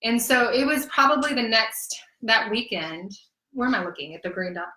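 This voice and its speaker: Woman in her 30s telling her story, earnest n emotional, highish bright voice, roomy echo. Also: moderate pace. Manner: earnest and emotional, animated retelling. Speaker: guest. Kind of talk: candid personal testimony in conversation.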